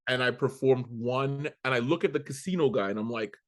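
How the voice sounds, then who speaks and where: A man in a relaxed interview spins a long comic story, his voice sitting at an everyday middle pitch. He jumps into the voices of the people he quotes and swears casually as he goes. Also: brisk. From Canada. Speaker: guest comedian.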